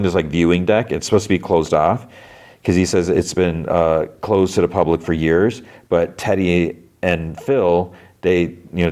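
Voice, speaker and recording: Deep-voiced man casually recapping a show. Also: a little mellow. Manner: retells scenes loosely, quoting characters in a raised voice. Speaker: podcast host.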